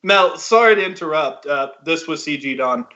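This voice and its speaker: A man's voice: a little high, animated, normal speed, bright, forceful tone. A man hosting a casual podcast, leading the talk and asking the others questions. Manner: leads the talk, asks questions, laughs easily. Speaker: podcast host. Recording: dull lo-fi online call.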